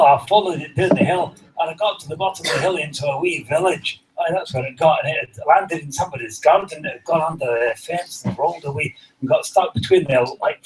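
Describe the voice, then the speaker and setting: Comedian spinning a rambling tale. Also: male voice, a little high, slight background noise, poor audio. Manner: rambling, self-deprecating anecdote with dry understatement. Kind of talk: stand-up storytelling.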